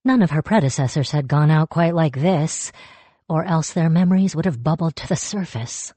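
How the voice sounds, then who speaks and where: A woman narrating a fantasy story in a measured, steady way, close to the mic. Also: low-pitched, no room sound. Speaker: audiobook narrator. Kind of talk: scripted narration.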